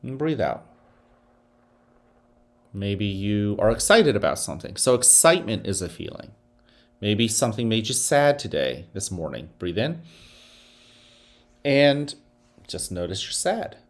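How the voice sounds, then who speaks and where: Speaking to students as their principal, a man with a fairly low voice and big pitch swings delivers morning announcements. He also leads a guided breathing exercise, slow and soothing.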